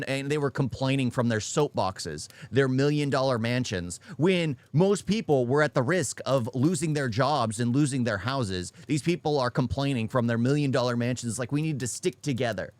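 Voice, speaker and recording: A man's voice: mid-range voice, no echo. A man ranting in an unscripted reaction video, blunt and often repeating his points. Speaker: YouTube reaction commentator.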